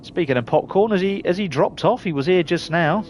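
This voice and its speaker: A man's voice: sits high, lively intonation, fairly quick, a little mellow. Man, Surrey accent, middle-aged, chatty streamer talking to viewers, faint hiss in the background. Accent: Surrey English. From England. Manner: chatty, reads out viewers' names and laughs often. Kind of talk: casual live-stream chat.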